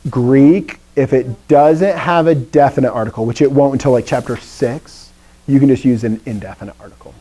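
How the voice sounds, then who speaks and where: Man teaching a lively classroom lesson. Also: mid-range voice, normal speed. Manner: lively, explaining step by step, jokey asides. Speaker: Greek teacher. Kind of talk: classroom lecture.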